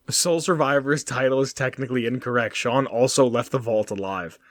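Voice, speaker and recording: A man's voice: medium pitch, fairly even intonation, fairly quick, no echo. A man in casual podcast chat, rambling through tangents with plenty of swearing and jokey rants. His voice sits mid-range and is recorded close and dry, with no room sound. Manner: rambling, profane, jokey ranting. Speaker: podcast host.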